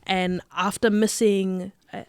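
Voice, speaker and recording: A young woman, a rugby player telling her story as a podcast guest, lively and laughing, with lots of "like" fillers. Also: mid-range voice, takes it slowly, clear, resonant tone, no echo. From Australia. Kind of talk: casual interview storytelling.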